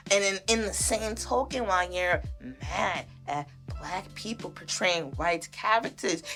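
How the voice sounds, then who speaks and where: A woman hosting a solo podcast, ranting emphatically and with profanity, swinging between loud outbursts and low asides. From half Belizean family. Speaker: podcast host. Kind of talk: heated solo podcast rant.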